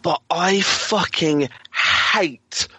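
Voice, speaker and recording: A man's voice: a little high, drawn-out words, pushed and bright, breathy edge, no echo. A man co-hosting a podcast, giving blunt, opinionated takes in a casual chat. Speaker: podcast co-host. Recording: dull, dry lo-fi mic.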